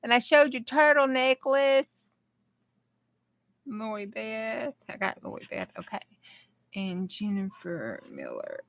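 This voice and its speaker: A woman, hosting a casual craft livestream and chatting excitedly with her viewers. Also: a little high, slow, gravelly, pauses often.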